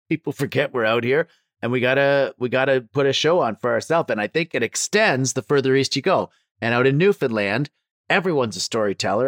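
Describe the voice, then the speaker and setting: A man's voice: mid-range voice, no room sound, studio quality. A man hosting a comedy podcast, joking and laughing often while introducing and interviewing a guest. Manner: jokey, laughs often, reads a warm intro. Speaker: podcast host. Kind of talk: casual interview chat.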